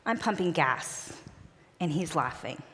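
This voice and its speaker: A woman's voice: low voice, lively intonation, a little slow, a bit bright. A woman telling personal stories in an earnest, conversational way as a speaker at a church event. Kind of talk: personal storytelling talk. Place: church auditorium stage. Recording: long reverb of a large church hall.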